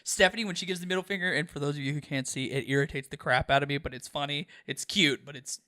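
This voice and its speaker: A man co-hosting a podcast in loose, joking banter, with a brightish, fairly high voice. He tells his stories with animated energy and laughs often. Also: quick pace. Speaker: podcast co-host. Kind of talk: casual banter.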